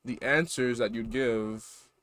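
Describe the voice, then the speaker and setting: A tired male streamer mutters self-mocking asides in a low voice while he plays. He talks slowly, and the sound is dry and close. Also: a bit bright, no room sound. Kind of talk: casual game-stream commentary.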